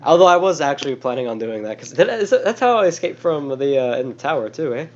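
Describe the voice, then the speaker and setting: A man's voice: on the high side, big pitch swings, quick pace. A man playing at a tabletop game, making wry remarks and cheering his rolls. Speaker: player. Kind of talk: casual chat at a game table. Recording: dull lo-fi podcast audio.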